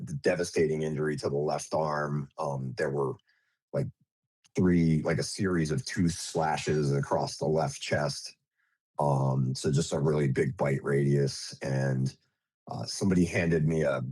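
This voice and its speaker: A man who is a nurse, recounting an emergency as an interview guest in a halting way, with many fillers and restarts. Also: extremely low pitch, darkish tone, no echo.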